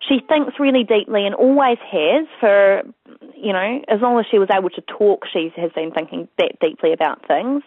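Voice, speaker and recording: A woman's voice: medium pitch, moderate pace, no echo. A chatty New woman tells her story as a parent, leaning on "you know" as she goes. She comes through a tinny phone line. The sound is dry, with no room around her. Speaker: parent guest. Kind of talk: casual interview chat.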